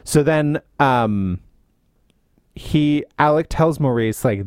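A man in relaxed conversation, telling a film's story with a very lively, up-and-down voice and playful mimicry of the characters. His pitch is mid-range overall. The sound is close and dry. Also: slow, clean tone, dry recording. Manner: expressive storyteller, mimics characters, laughs often. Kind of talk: casual chat retelling a film plot.

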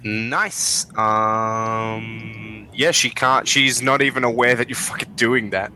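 A man narrating a tabletop game as game master, in a casual, unhurried way with many fillers. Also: fairly low pitch, level tone, bright, forceful tone, a little hiss or hum, rough recording.

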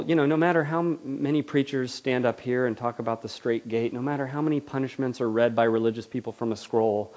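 A man's voice: mid-range voice, fairly quick, few pauses, a little mellow. A man preaching a sermon in a conversational, questioning way, often acting out the voices he quotes.

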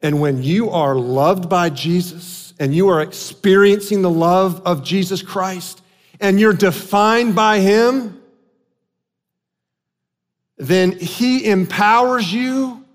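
A man with a high voice preaches a sermon, earnest and swinging from hushed, slow lines to emphatic ones. His words ring out with a long reverb from a large church hall. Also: lively intonation. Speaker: pastor.

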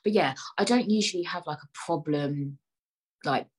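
A young woman telling an animated, exasperated story to her viewers in slangy, casual speech. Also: low voice, moderate pace, slightly rough. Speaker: vlogger.

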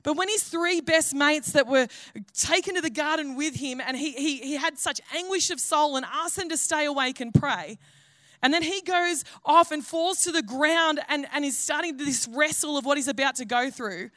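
Woman pastor, high voice, dry close sound, earnest conversational sermon. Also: normal speed, a bit bright, no room sound. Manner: earnest, conversational preaching with restarts.

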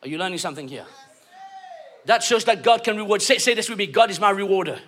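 A man preaching a sermon, emphatic and call-and-response, often rising to shouts. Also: high voice, lively intonation, fast, a little hiss or hum.

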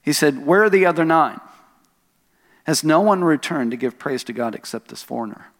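A man pastor preaching a sermon, telling a story with rising emphasis on key lines and soft asides. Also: on the high side, animated, normal speed. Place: church sanctuary. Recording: long hall reverb.

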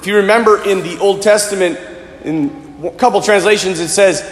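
A man, a Catholic priest, preaching an earnest, emphatic sermon and often clearing his throat. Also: high-pitched, moderate pace. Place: church. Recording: echoey church with long reverb.

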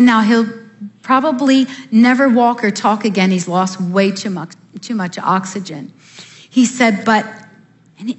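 A middle-aged woman giving an earnest personal testimony to a church audience, acting out her prayers and the dialogue as she tells the story. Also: mid-range voice. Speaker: guest speaker giving testimony.

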